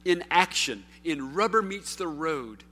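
A man preaching a sermon as pastor, rising to loud calls and dropping to a hush, putting question after question to his listeners. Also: fairly high pitch, animated, unhurried. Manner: preaching with sweeping swings from loud to hushed; calls out rhetorical questions to the congregation.

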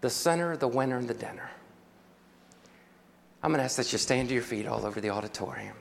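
A man's voice: medium pitch, fast, vocal fry, big-room sound, slight background noise. A man preaching a sermon to an auditorium, telling a story with dramatic flair and calling out for amens. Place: large auditorium.

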